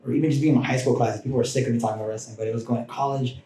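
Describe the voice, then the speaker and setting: A man's voice: medium pitch, fairly even intonation, rapid-fire, warm tone. A man recounting his past as a podcast guest, talking casually with frequent restarts and side remarks. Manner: rambling, with frequent restarts and asides. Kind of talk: casual personal storytelling. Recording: roomy echoing room.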